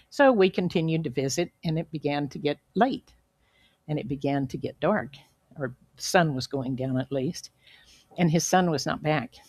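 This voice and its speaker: A woman giving an inspirational sermon as a guest speaker, telling a story in an earnest, measured way with emphatic pauses. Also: sits low, dry recording. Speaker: guest speaker at a spiritual center.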